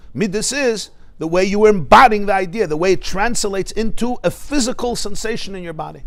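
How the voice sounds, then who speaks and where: A man, a rabbi, teaching a Torah class, explaining terms and asking his listeners questions. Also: sits high. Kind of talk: Torah lecture.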